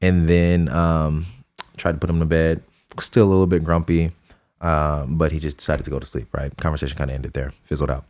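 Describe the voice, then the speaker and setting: Young adult male podcast co-host, deep voice, earnest reflective storyteller. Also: flat delivery, brisk, a little mellow. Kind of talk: casual conversation.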